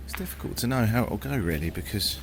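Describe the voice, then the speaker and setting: A man's voice: on the low side, animated, fast talker. A British man hosting a travel podcast, chatting casually and wryly outdoors on a river raft and at a jungle kitchen, with the odd swear. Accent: British English. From Britain. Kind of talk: casual travel audio diary. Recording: outdoor field recording with insect noise. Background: chirping birds and crickets.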